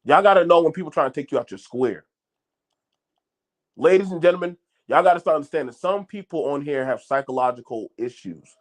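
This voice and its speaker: A man's voice: mid-range voice, a little fast. A middle-aged man hosting his own channel, talking straight to viewers in a blunt, swearing way, repeating words and restarting his lines. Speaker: channel host. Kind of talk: unscripted commentary to viewers.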